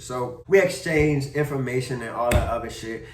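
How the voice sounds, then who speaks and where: A young man from Maryland telling a car crash story in a casual vlog, animated, full of slang and cursing. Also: mid-range voice, brisk, far from the mic, a little hiss or hum. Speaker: vlogger. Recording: roomy echo, a bit off-mic.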